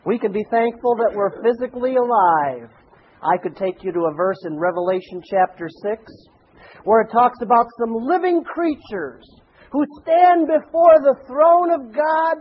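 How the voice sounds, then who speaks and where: Man preaching, fairly high voice, goes loud then quiet, slightly muffled w/ faint room hum. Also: a little slow. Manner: animated, swings between loud and hushed. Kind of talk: sermon with storytelling.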